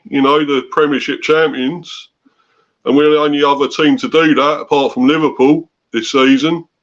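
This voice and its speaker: Man, Cockney accent, football caller, relaxed rambling, dull lo-fi call audio. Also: mid-range voice. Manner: laid-back, full of fillers, laughing often. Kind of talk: casual football call-in chat.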